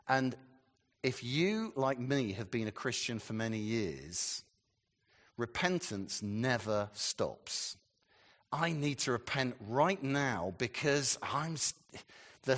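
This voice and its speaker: A man preaching a sermon in a conversational, rambling way, full of asides and questions to the congregation. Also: medium pitch. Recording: long reverb of a hall.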